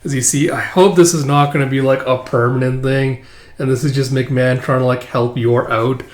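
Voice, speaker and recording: A man's voice: medium pitch, fairly even intonation, normal speed, echoey room. A man chatting casually as he reviews a manga chapter, blunt and swearing freely. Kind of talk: casual chat.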